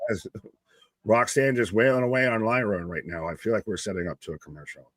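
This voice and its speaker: A man's voice: on the low side, expressive, fairly quick, no echo. A man co-hosting a live wrestling watch-along, joking around, laughing and swearing freely. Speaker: co-host.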